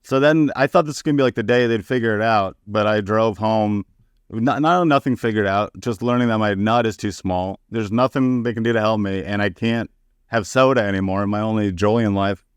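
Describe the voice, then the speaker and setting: A man's voice: fairly low pitch, a little fast, clear, resonant tone, no echo, studio quality. A man, a comedian guest, telling personal stories in a candid, profane, casual way and acting out the people he quotes. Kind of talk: casual podcast storytelling.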